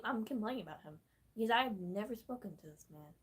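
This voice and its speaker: A woman's voice: medium pitch, lively intonation, quick pace, slightly rough, low-quality recording. A young woman rambling and swearing in casual commentary, talking back at a tutorial video while she paints. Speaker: gaming vlogger.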